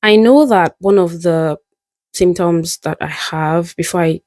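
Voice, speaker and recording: A woman's voice: fairly low pitch, a little slow, a little mellow, no room sound. A young woman vlogging in a candid, musing way, often laughing at herself as she reflects. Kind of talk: reflective casual monologue.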